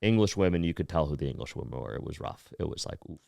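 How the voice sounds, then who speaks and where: A man, co-hosting a comedy podcast, telling crude, animated stories. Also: extremely low pitch, fast, gravelly, no echo. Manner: animated, crude storytelling with swearing. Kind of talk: casual comedic chat.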